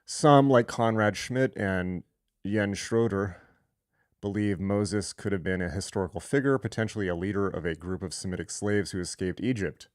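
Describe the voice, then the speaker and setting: A man's voice: fairly low pitch, normal speed, dry recording, clean studio sound. A man hosting a live online lecture, reading sources aloud and breaking off for irreverent, sarcastic comments. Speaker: host.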